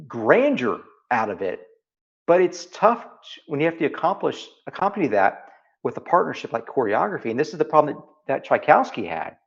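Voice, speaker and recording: Earnest Texan man repeating himself. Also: a little high. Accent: Texas. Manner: earnest, repeats phrases for emphasis. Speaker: interview guest. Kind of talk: reflective interview conversation. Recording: slightly dull lo-fi audio.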